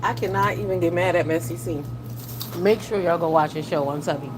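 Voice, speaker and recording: Give me a woman doing a blunt, profane live-stream chat from her car at a drive-thru, with clear car noise in the background. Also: on the low side, a little fast. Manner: blunt, profane, chatty, greets viewers by name. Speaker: livestream host.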